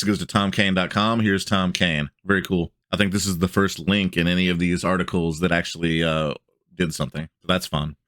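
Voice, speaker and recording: Laid-back male host, deep voice, reading and commenting, close dry mic. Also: fairly bright tone, no room sound. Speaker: tabletop game channel host. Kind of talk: reading a blog aloud with casual commentary.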